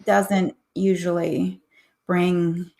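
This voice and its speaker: A woman talking as a guest in a casual conversation, open and reflective, with hesitant pauses. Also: lowish voice, flat delivery, vocal fry, darkish tone. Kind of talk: casual livestream chat.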